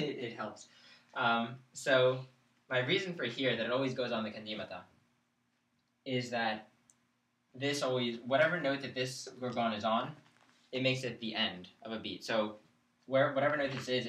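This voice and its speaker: A man's voice: mid-range voice, unhurried, fairly bright tone. Man teaching from across an echoey room. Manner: explains patiently, checks in with students. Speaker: chant teacher. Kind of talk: live classroom lesson. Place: classroom, live-streamed. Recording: echoey room, mic far off.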